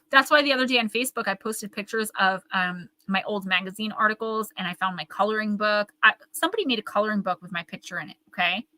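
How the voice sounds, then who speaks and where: Woman, live oracle reader, earnest and encouraging; crisp bright voice, dry close sound. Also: mid-range voice, no room sound, poor audio. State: tearing up.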